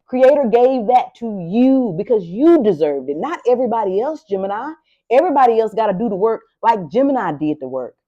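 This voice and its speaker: A woman's voice: a little high, big pitch swings, brisk, warm tone, muffled recording. A woman giving a tarot reading. She talks emphatically and repeats herself, preaching to her listener. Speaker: tarot reader.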